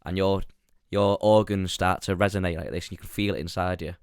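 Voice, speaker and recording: Rambling young man, low voice. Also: fairly even intonation, a little fast, clean tone, no room sound, studio quality. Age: young adult. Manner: rambling, jokey, restarts often. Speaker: podcast co-host. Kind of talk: casual chat.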